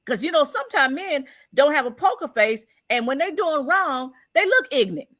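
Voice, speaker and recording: A woman co-hosting a casual relationship panel discussion, chatty and animated, full of fillers and restarts. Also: high-pitched, moderate pace, dry recording.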